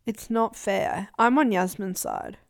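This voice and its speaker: A woman's voice: medium pitch, slow, vocal fry. Chatty young woman gossiping on a podcast. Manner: animated, quotes people in put-on voices. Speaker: podcast co-host. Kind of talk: casual gossip chat.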